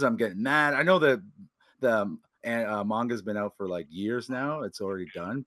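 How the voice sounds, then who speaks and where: A man's voice: mid-range voice, bright, forceful tone. A man joking as a guest on a podcast, talking animatedly with playful exaggeration. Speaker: guest comedian. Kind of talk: casual podcast chat.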